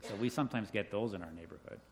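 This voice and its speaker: A middle-aged man telling children a story, animated, asking them questions and laughing along with them. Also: lowish voice, rapid-fire, slight background noise. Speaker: children's talk leader. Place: indoors with a group of children.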